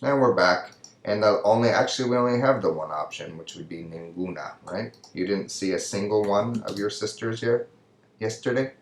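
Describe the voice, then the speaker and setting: A man's voice: lowish voice, normal speed, echoey room. A man teaching a Spanish grammar lesson, patiently explaining each answer step by step in English and Spanish. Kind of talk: recorded classroom lesson.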